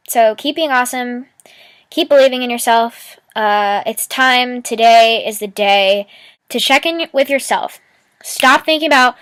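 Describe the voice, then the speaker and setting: With a fairly high pitch and no room sound, a young woman rambles and giggles through a casual motivational vlog. She keeps dropping "like" and "you know" while sharing cheerful life advice.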